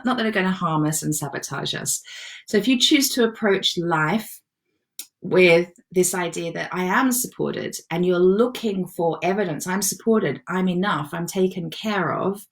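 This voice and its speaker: A woman with a low-pitched voice hosts a live online self-love session. She talks in a relaxed, chatty way, greeting viewers and answering their comments with encouragement. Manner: warm, encouraging, reads viewer comments aloud. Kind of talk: casual live-stream chat.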